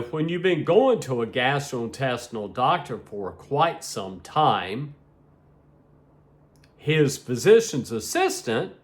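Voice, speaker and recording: Man, middle-aged, vlogging, rambling and repetitive, sleepy, slow. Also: mid-range voice. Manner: rambling, repeats "like I said". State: sleepy, yawning. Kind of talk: casual vlog talk to viewers.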